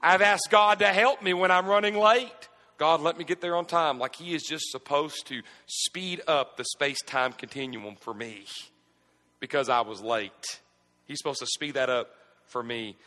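A pastor preaching a sermon in a high, bright voice that climbs into shouted emphasis and drops into folksy asides. His voice rings with long reverb in a church sanctuary. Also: a little slow.

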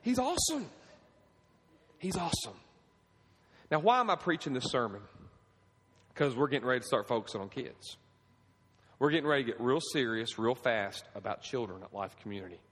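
A man in his thirties preaching a sermon as pastor, fervent, swinging from quiet pleading to high emphatic lines and asking for amens. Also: very animated, normal speed, long pauses, slight background noise. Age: 30s. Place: church sanctuary. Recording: long reverb of a church hall.

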